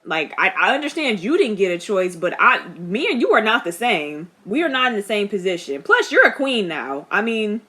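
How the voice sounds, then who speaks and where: A young woman giving casual reaction commentary. She is chatty and expressive, laughs often, and talks back at the screen. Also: medium pitch, normal speed, few pauses. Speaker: reaction vlogger.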